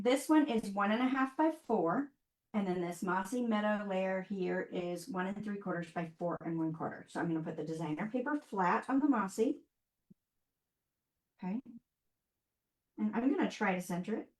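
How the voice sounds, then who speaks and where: A woman's voice: mid-range voice, normal speed, roomy sound. A woman hosting a live online craft workshop, talking to viewers in a chatty, upbeat way as she works. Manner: chatty, upbeat, talks to viewers while working.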